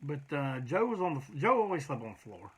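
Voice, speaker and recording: Middle-aged punk frontman, raspy and punchy, slightly high voice, loose profane anecdotes. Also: sing-song, a little fast, fairly bright tone. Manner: rambling, profane, peppered with "man". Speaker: punk band singer telling road stories. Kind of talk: casual storytelling monologue.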